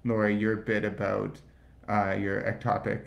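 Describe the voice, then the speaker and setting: Man, comedian, halting, filler-heavy, lowish pitch, gravelly. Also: monotone, dull audio. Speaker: comedian guest. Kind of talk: casual podcast chat.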